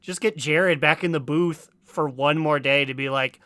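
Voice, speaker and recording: A man co-hosting a casual gaming podcast, talking in an animated way and acting out quoted characters. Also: fairly high pitch, normal speed, no echo. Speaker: podcast co-host.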